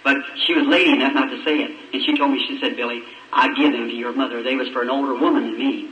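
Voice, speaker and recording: A man's voice: mid-range voice, fairly even intonation, fast. A man preaching a sermon, telling a story in a folksy, emotional way and acting out the voices in the dialogue. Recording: roomy, distant, dull old recording with faint hiss.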